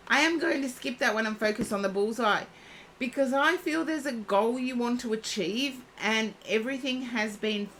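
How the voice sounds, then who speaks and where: Slow-talking, high-voiced woman card reader. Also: fairly bright tone, a little hiss or hum. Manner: chatty, thinking aloud while reading. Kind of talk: live-streamed oracle card reading.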